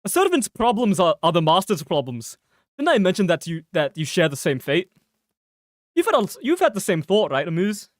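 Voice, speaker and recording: A cocky young mage warrior from a fantasy game, chanting his spell with swagger, as a streamer with a northern English accent reads him out. The voice swoops up and down lively, and the sound is dry and close. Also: mid-range voice, normal speed, no echo, close to an everyday voice. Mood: teasing. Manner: mock-grand chanting of battle lines. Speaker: streamer reading game dialogue.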